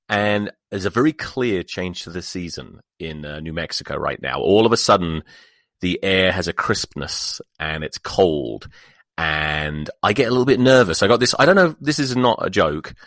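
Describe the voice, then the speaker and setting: A man's voice: sits low, expressive, normal speed, fairly bright tone, dry recording, clean studio sound. A middle-aged man hosting a podcast, chatting in a rambling, wry way and swearing casually. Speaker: podcast host. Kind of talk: casual solo chat. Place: United States.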